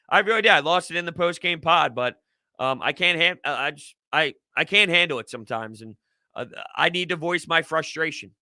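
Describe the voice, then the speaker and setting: A man's voice: on the high side, pushed and bright, smooth, no echo, studio quality. A man hosting a casual livestream sports talk show, emphatic and repetitive as he vents frustration. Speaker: host.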